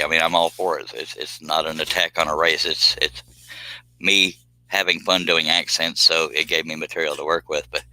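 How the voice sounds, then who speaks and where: Male live-stream host, low-set but bright, punchy voice, rambling and jokey. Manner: rambling, joking, reads chat comments aloud. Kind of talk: casual live stream chat.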